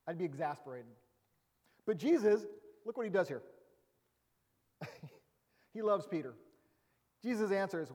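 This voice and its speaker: A man's voice: sits high, lively intonation, measured pace, pauses often, a little mellow, long reverb tail. A man pastor preaching a sermon in a conversational, humorous way with emphatic rising bursts.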